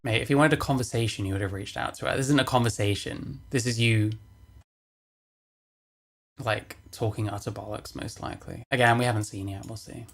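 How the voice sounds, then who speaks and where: A woman's voice: very deep voice, fairly quick. A woman reacting to a video on stream, sarcastic, swearing and dismissive in casual commentary.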